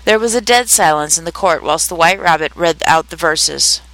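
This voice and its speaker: A woman narrating an audiobook in a clear, expressive storytelling voice. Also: low-pitched, moderate pace, rough recording.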